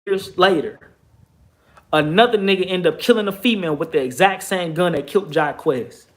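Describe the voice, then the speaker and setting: A man's voice: sits high, normal speed. Fired-up man telling a street story. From Texas, USA. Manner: emphatic, profane, streetwise retelling with rising bursts of emphasis. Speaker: vlogger. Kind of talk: casual storytelling monologue.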